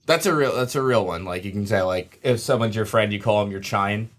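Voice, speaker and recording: A man from New Jersey with a fairly low voice co-hosts a casual comedy podcast, talking a little fast. He's lively and jokey and laughs a lot.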